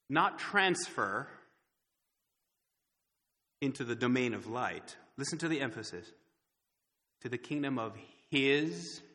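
A man preaching an earnest sermon, slowing down and pausing for emphasis. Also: a little high, sharp tone, long reverb tail. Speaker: pastor.

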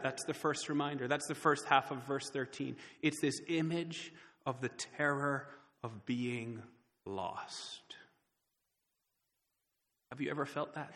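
A man preaching an earnest sermon, slowing down and pausing for emphasis. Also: fairly high pitch, a bit bright, in a large hall. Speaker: pastor.

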